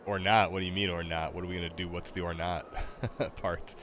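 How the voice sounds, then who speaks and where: Deep-voiced man rambling on stream. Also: flat delivery, brisk, fairly bright tone, slight background noise. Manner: rambling, lots of fillers and restarts, laughs easily. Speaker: game streamer. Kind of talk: casual livestream chat.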